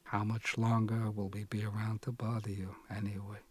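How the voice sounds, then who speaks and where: A man voicing an anxious, nagging middle-aged mother in an audiobook, speaking in a hushed, wheedling whisper. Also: lowish voice, level tone, normal speed, breathy edge. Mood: guilt-tripping whisper. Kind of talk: audiobook narration.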